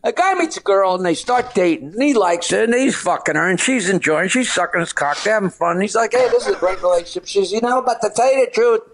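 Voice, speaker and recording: A comedian tells joke after joke in a high, lively voice. His pitch swings wide as he acts out the characters, and he cracks himself up along the way. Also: fast talker, hardly any pauses, a crowd in the background. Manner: bursts into shouted punchlines and cackling laughs. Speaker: comedian telling jokes. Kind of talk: rapid-fire joke telling.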